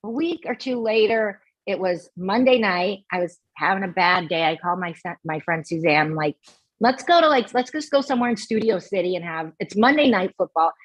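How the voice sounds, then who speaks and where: A middle-aged woman, a podcast guest, telling an animated story in casual chat and acting out what people said. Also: lowish voice, fairly quick, few pauses, dry recording, rough recording. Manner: animated, acts out quoted dialogue.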